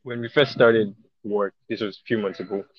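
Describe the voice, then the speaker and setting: Relaxed young man on a dull dry mic. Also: lowish voice, brisk, no echo. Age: young adult. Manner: relaxed storyteller, quotes people in mock voices. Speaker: podcast guest. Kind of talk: casual chat.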